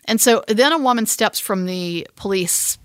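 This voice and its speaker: A woman co-hosting a podcast, telling a story in an animated, emphatic way. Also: medium pitch, normal speed, no echo, studio quality. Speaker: podcast co-host. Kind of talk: casual chat.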